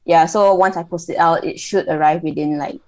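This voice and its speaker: A woman speaks as a guest on a chat show, soft-spoken and a bit hesitant, filling pauses with ums. Her voice sits on the lower side for a woman. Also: fairly even intonation. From Malaysia. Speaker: guest baker. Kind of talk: casual interview chat.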